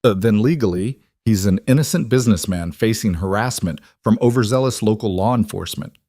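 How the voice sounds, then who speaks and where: A man voicing a smooth federal marshal from the East with an Eastern accent, speaking in a neutral, professional tone. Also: fairly low pitch, brisk, mellow, dry recording, studio quality. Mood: cool. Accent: Eastern American.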